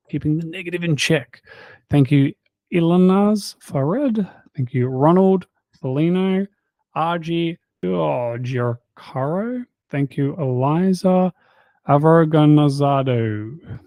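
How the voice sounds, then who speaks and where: A man's voice: fairly high pitch, dry recording. A man hosting a health channel in casual chat, reading out a list of subscriber names with jokes and stumbling over the harder ones. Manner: jokey, stumbles over hard names with quips. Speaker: health coach and channel host.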